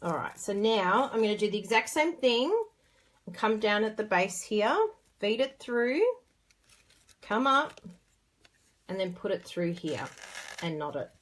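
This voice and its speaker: A woman's voice: medium pitch, lively intonation, a little slow, long pauses, fairly bright tone. An Australian woman hosting a casual craft tutorial, chatty and bubbly as she talks through each step while working with her hands.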